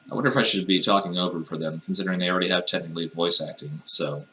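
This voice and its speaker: A low-voiced man with a bright, forceful edge to his sound reads game text aloud. He keeps breaking off into wry, mocking asides, playing the dialogue for laughs. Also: fairly even intonation, fast, few pauses, a little hiss or hum. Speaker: let's player reading a visual novel aloud. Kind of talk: comedic reading with sarcastic asides.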